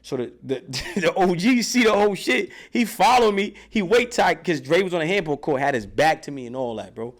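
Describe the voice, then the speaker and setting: A man with a slightly raised voice tells stories of his childhood to an interviewer. He talks in a profane, streetwise way. He gets loud and lively whenever he acts out the people in his stories. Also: fairly high pitch, brisk, few pauses. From New York. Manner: animated, profane street storytelling with loud bursts when reenacting. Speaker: interview guest. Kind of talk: casual storytelling in an interview.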